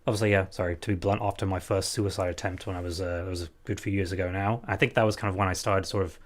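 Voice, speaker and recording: Young male interviewer with a lowish voice; candid and hesitant in casual chat. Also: steady tone, quick pace. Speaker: host, interviewer. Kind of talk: casual video-call interview.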